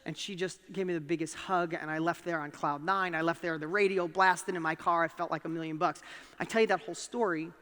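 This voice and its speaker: A man with a New York accent tells a personal story on stage, his voice rising sharply with emphasis. He speaks in a fairly high register for a man. A long hall reverb trails each phrase. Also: fast talker. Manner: animated storytelling, emphatic rises. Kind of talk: motivational talk.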